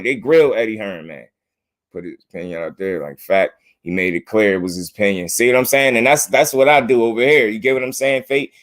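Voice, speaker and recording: A man hosting a boxing commentary video, talking to his viewers in loose slang and repeating himself a lot. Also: mid-range voice.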